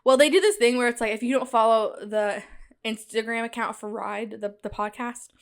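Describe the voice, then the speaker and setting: A young woman with a high, bright voice hosts a casual solo podcast. She talks chattily and animatedly straight to her listeners. When something amuses her, she breaks into a loud, cackling laugh. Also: moderate pace. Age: young adult. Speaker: podcast host.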